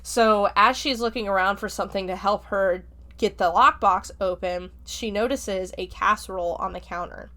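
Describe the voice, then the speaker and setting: Woman, podcast host, casual plot recap, chatty, lots of fillers, mid-pitched voice. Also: moderate pace, few pauses, bright, forceful tone. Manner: chatty, filler-heavy retelling. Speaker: podcast host reviewing a book. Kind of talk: casual spoken plot summary.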